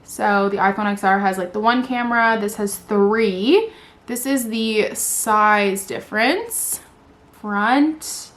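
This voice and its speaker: This vlogger, a woman in her twenties, opens a new phone on camera with a mid-range voice at a slow pace. She gushes and squeals throughout, constantly saying "like" and "oh my god."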